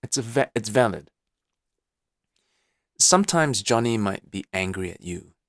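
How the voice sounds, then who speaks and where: A man's voice: fairly low pitch, expressive, unhurried, fairly bright tone, no echo, studio quality. A man hosting a motivational podcast, coaching listeners, repeating his points and often checking in with "okay?". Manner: many fillers and restarts. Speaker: podcast host.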